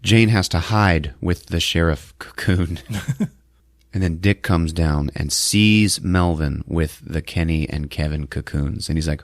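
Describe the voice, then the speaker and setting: A man's voice: low-pitched, unhurried, no echo, clean studio sound. A man hosting a podcast, recapping a movie in a casual way and acting out the lines in put-on voices with frequent laughter. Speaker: podcast host.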